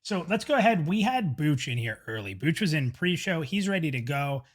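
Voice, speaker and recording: A man's voice: on the high side, big pitch swings, normal speed. Upbeat chatty male stream host. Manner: upbeat, chatty, frequent restarts. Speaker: livestream host. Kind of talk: casual chat.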